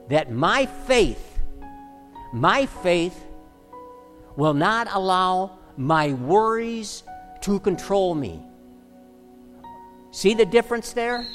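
A pastor delivering an emphatic sermon full of rhetorical questions. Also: male voice, sits high, long reverb tail.

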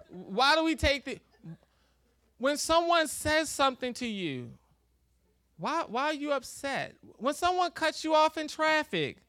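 A man preaching a sermon in a relaxed, conversational way, laughing often and acting out little quoted exchanges. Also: sits high, normal speed, no room sound, clean studio sound. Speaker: pastor.

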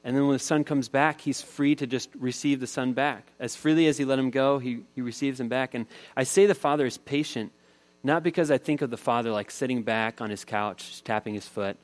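Pastor, male, 30s, mid-pitched voice, chatty storytelling sermon. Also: a little fast. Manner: conversational storytelling, voice rising with the tension of the story.

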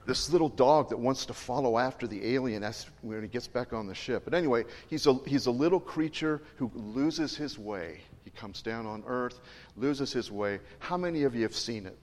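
A male pastor preaches to his congregation in a loose, chatty way, wandering off on tangents and tossing questions to the pews. His voice sits at an ordinary pitch and carries a long reverb from the large sanctuary. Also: moderate pace, a little mellow. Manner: conversational, digressive, joking with the congregation. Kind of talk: sermon.

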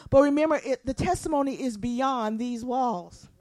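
A woman preaching a sermon in church, swinging from soft, low asides to impassioned near shouting. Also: moderate pace, dry recording.

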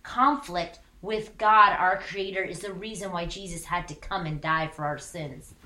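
A woman's voice: lowish voice, measured pace, bright, forceful tone, reverberant. A woman pastor in her thirties giving a candid, conversational sermon with emphatic repetition.

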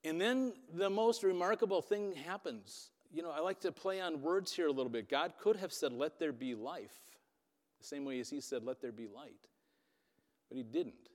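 A man preaching a sermon, telling a Bible story dramatically with loudness that rises and falls. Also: a little high, lively intonation, brisk, hardly any pauses. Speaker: pastor. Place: church hall. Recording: long reverb of a hall.

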